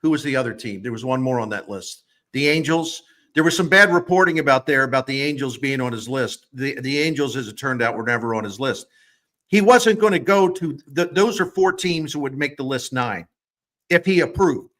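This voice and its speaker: A man's voice: medium pitch, lively intonation, fairly quick, fairly bright tone. A man co-hosting a sports talk show, ranting with heat and sarcasm and getting worked up. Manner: heated, sarcastic rants. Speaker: sports radio co-host.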